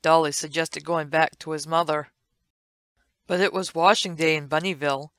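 A woman narrating an old comic strip as a read-along storybook, with a gentle, sing-song delivery and playful asides. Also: deep voice, fairly even intonation, normal speed, no room sound, clean studio sound.

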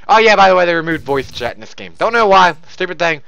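A man commentating his own gameplay, loud and profane, often yelling into a close desk mic. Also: high-pitched, lively intonation, fast, hardly any pauses, smooth, no room sound, muffled recording.

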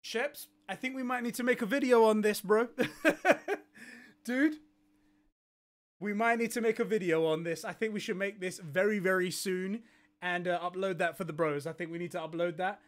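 A man's voice: high voice, fairly even intonation, normal speed. A young man streaming live, swearing and laughing in disbelief as he reacts.

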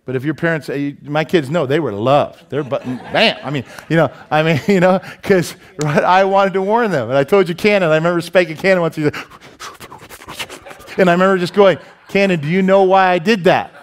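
A man's voice: fairly high pitch, a little fast. A middle-aged man, a pastor, preaching a conversational sermon, telling anecdotes and asking his listeners "Amen?".

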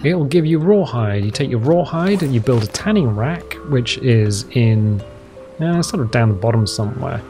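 Chatty gaming-channel man, casual play-along commentary, very lively pitch, music bed faintly behind. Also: normal speed. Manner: chatty, explains game steps while playing.

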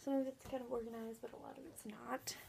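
Chatty young woman with gravelly voice. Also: fairly high pitch, fairly even intonation, fast, noisy background. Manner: chatty, rambling with many fillers. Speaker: vlogger. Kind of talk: casual haul vlog.

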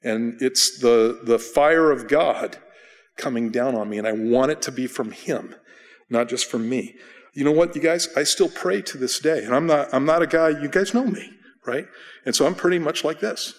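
A man of middling pitch teaches in a church, chatty and self-deprecating, with frequent restarts. His voice rings out in a long hall reverb. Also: normal speed. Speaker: pastor. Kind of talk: conversational Bible study teaching. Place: church sanctuary.

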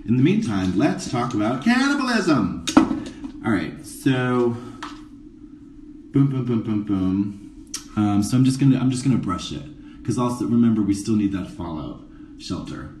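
A man's voice: medium pitch, sing-song, normal speed, echoey room, recorded from a distance, background noise. A man doing a drag makeup tutorial in a casual live stream, campy and sarcastic with rambling asides, in a dressing room before a show. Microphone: phone camera, a bit away.

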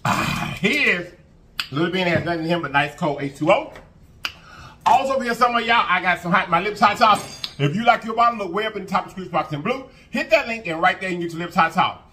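A food vlogger with a high-pitched, fast voice hosts an eating show, chatting with viewers and humming as he tastes. He is animated, savoring bites with hums and mm-hmms, and chattily calls his audience y'all and baby.

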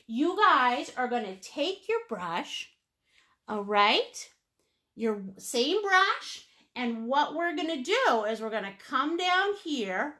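A woman with a high, bright, pushed voice teaches a live painting lesson step by step. She's playful and chatty, adding sing-song asides.

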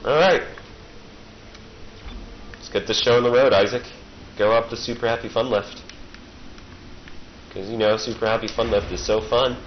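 Medium in pitch and steady in tone, a man commentates at normal speed with long pauses while playing a video game. He's a let's-play gamer, loose and jokey, and game sounds muffle the recording behind him.

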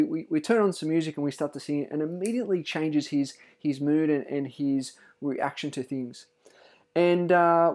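A middle-aged man gives a heartfelt testimonial as a parent. He speaks earnestly and casually and often stumbles and repeats words. His voice sits a little higher than most men's. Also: darkish tone. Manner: earnest and heartfelt, with frequent restarts.

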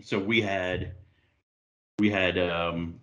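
A man's voice: deep voice, very slow. A man from the United States, a guest author on a podcast, joking and telling stories in casual chat. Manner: joking, animated storyteller.

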